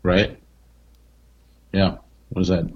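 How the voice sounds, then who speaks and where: Husky, sarcastic podcast man over dull audio. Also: low-pitched, level tone, takes it slowly. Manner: dry, sarcastic quips. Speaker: podcast co-host. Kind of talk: casual comedy podcast chat.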